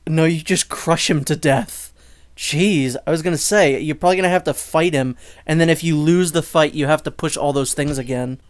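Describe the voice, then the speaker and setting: A man's voice: a little high, moderate pace. A man hosting a let's play, giving sarcastic, exasperated commentary on a game. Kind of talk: gameplay commentary. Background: game music.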